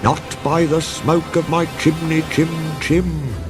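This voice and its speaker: A man voicing a timid, kindly old male tram engine who speaks in a shaky, hushed way. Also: fairly high pitch, fairly even intonation, slow, music in the background, pitched above the performer's own voice. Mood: defiant.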